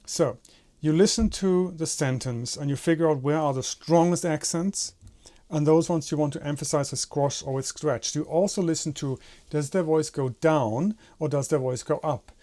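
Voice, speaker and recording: A man's voice: fairly high pitch, normal speed, warm tone. A man teaching animation in a tutorial, explaining step by step and demonstrating with his own head and hands. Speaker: animation instructor.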